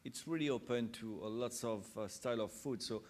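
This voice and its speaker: A Frenchman with a French accent, a chef, shares anecdotes during an interview, speaking hesitantly and with lots of fillers. His voice is mid-range and brisk, and there is noise in the background.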